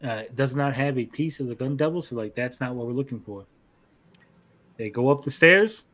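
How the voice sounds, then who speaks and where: A man's voice: mid-range voice, moderate pace, a bit bright. A man co-hosting an anime podcast, casually recapping episodes in a rambling, profane way and acting out characters' lines.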